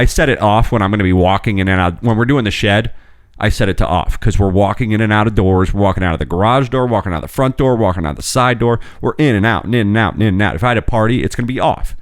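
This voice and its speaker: A man's voice: lowish voice, fast, no echo, clean studio sound. A man in his thirties, a podcast host telling a long rambling story in casual chat, swearing freely. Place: home podcast studio.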